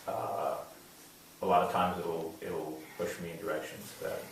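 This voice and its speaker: A man, a student, asking a halting, hesitant question with many restarts. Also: low voice, flat delivery. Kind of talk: question from the audience. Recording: distant mic, very echoey room, faint background noise.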